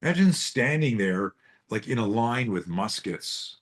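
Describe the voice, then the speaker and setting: A man's voice: lowish voice, measured pace. A man coaching self-defense on a live group video call, telling stories with lots of swearing and rhetorical questions. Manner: profane, animated storytelling with rhetorical questions.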